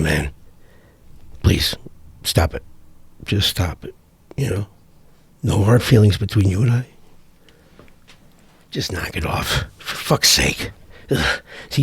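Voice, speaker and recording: Middle-aged guy ranting at the camera, swears a lot, keeps restarting, raspy low voice. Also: no room sound. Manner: profane, exasperated, rambling with restarts. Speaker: vlogger. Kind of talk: ranting commentary vlog.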